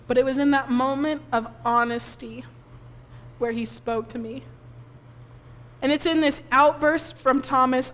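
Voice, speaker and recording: Woman pastor, tearful sermon testimony, high voice, long hall reverb. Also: steady tone, a little slow, pauses often. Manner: emotional personal testimony, tearful at times. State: crying softly.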